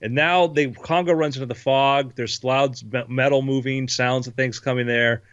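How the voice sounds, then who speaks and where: A man running a tabletop game as game master, narrating with lively sound effects, on a dull lo-fi recording. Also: medium pitch, normal speed, clear, resonant tone, dry recording.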